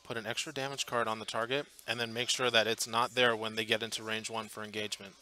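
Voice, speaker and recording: A man's voice: lowish voice, little pitch movement, fast, bright, forceful tone. A man commentating live on a tabletop tournament match, chatty and thinking aloud with fillers and restarts, from a booth at the event. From Portland area, US.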